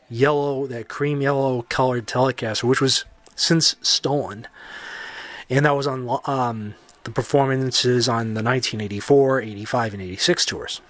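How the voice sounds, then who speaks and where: A man's voice: medium pitch, a bit bright, dry recording. Chatty, opinionated man hosting a podcast. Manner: chatty, opinionated, jokey asides. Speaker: podcast host. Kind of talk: solo casual podcast monologue.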